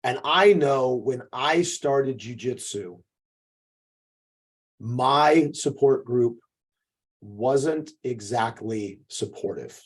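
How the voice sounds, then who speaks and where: A man's voice: medium pitch, animated, drawn-out words, pauses often. A man co-hosting a podcast as a jiu-jitsu coach, giving an emphatic, profane motivational talk that keeps checking in with "okay".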